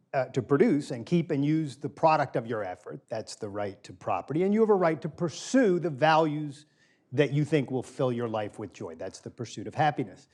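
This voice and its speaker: A middle-aged man with a mid-range, darkish voice delivers an informal philosophy lecture as a guest speaker. In a small room before a live audience, he talks loosely and conversationally, repeating key phrases to hammer them home.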